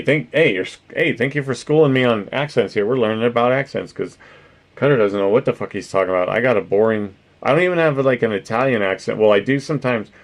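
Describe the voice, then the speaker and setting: A man chatting casually with viewers on a stream, rambling, swearing freely and laughing often, with no particular accent. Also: lowish voice. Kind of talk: casual livestream chat.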